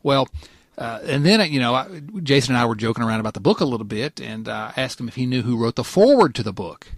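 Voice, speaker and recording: A man's voice: medium pitch, lively intonation, fast talker, no echo, clean studio sound. A man hosting a casual podcast, rambling and laughing often as he tells a story. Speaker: podcast host.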